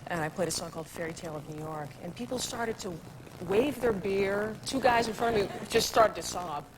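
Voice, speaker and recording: A woman's voice: medium pitch, brisk, a crowd in the background. A woman from Canada, a talk show guest, telling anecdotes in casual chat and acting out the voices of people she quotes. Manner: animated storyteller, acts out quoted voices. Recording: noisy VHS tape of a TV studio.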